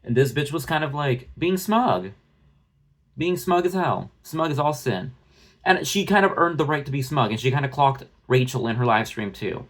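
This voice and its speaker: A man's voice: mid-range voice, big pitch swings, moderate pace. Man ranting bluntly into a phone. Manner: blunt, profane, rambling with restarts. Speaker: drama commentary vlogger. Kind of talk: ranting commentary.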